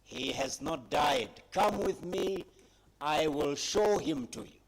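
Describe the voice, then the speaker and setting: Brief: man putting on wise old male baboon, storytelling register, lively swooping pitch, husky. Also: slow pace, full character voice. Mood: knowing, insistent.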